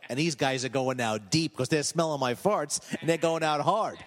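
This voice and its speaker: A man, a hypnotist guest on a comedy podcast, telling stories in a casual, animated way and laughing at his own jokes. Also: fairly high pitch, moderate pace, big-room sound.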